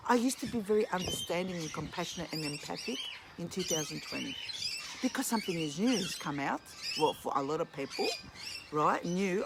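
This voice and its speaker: A woman's voice: medium pitch, animated, brisk, very noisy. An Australian woman ranting in a vlog monologue, fired up and swearing, at home among her pet birds. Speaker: vlogger and empathy counsellor. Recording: loud birdsong chirping behind. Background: chirping birds.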